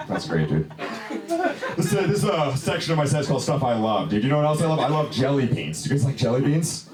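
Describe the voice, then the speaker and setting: A man's voice: medium pitch, big pitch swings, fast. A young man doing a stand-up comedy set in a small lounge, rambling in a laid-back way with plenty of "dude" and "you know". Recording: echoey club, distant mic, loud crowd.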